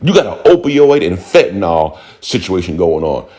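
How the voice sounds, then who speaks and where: A very deep-voiced man from Buffalo, New York, delivering a fiery, profane rant straight to his viewers. He talks hard and fast, slips into mocking voices for the people he argues with, and lets his low voice climb when he gets worked up. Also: very animated, warm tone. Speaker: vlogger. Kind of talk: angry rant to camera.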